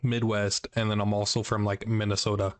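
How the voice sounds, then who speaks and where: A man's voice: fairly low pitch, level tone, a little fast, no room sound. A man from Oregon, a podcast co-host, chatting easily, slurring some words and clipping others. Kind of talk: casual chat. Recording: dry close sound.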